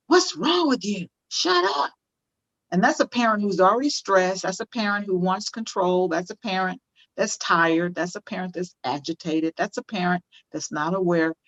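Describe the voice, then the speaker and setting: A woman's voice: mid-range voice, fairly bright tone, no echo, lo-fi sound. An older woman speaking as a parenting guest on a video call, impassioned, repeating phrases for emphasis. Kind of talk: conversational interview, teaching.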